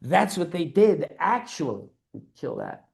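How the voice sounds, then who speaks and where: Fired-up, profane man with gravelly voice. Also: on the high side, wildly swooping pitch, a little slow, a little mellow. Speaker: guest. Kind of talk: podcast interview.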